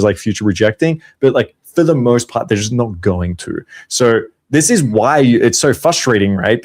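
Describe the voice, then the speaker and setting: A man co-hosting a casual podcast, explaining his views frankly and often saying "like". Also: mid-range voice.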